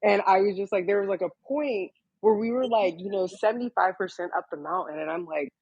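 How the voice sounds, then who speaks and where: Young woman, chatty storyteller, heavy on fillers, slightly husky, dull lo-fi recording. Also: medium pitch, brisk, darkish tone, dry recording. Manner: chatty, many "like" fillers, laughs often, quotes herself. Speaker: guest model. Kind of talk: casual interview storytelling.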